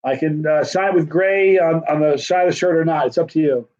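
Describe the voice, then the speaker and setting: This livestream host, selling autographed hot sauce, chats his way through an easygoing sales spiel at a fairly quick clip. His slightly high voice has a darkish colour, and the recording sounds muffled and lo-fi.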